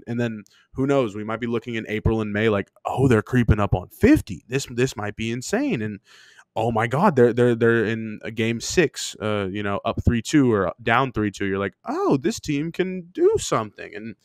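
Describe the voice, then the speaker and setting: A man co-hosting a sports podcast in loose, casual chat. He rambles and gets excitable, swearing freely as he riles himself up. His voice sits fairly low and sounds dry and close to the mic. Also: smooth, no echo. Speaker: podcast co-host. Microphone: remote podcast mic.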